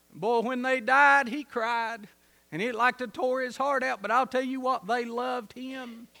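A preacher with a strikingly high, bright voice delivers a homespun sermon. He drops to soft asides, then rises to ringing shouts. His twang and rough grammar give it a country church feel. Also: fairly even intonation, a little slow.

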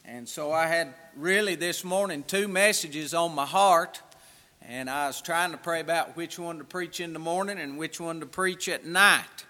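A man's voice: fairly high pitch, normal speed, sharp tone, long reverb tail. A man preaching a sermon as pastor, reading scripture aloud in a raised, emphatic voice.

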